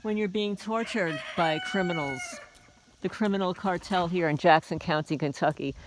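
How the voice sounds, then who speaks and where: Amid very noisy crowing and clucking from a chicken coop, a woman with a fairly low voice talks at a moderate pace. It's a casual walk-and-talk vlog from her small homestead, rambling and aggrieved, full of wry asides.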